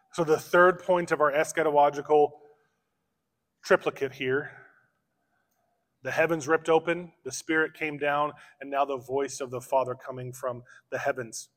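A man preaching an expository sermon as pastor, slowing down to stress key phrases. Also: a little high. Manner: expository preaching, slows for emphasis. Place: church sanctuary. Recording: long church reverb.

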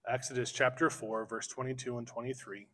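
A man preaching an expository sermon as pastor, slowing down to stress key phrases. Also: mid-range voice, flat delivery, bright, forceful tone. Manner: expository preaching, slows for emphasis. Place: church sanctuary. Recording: long church reverb.

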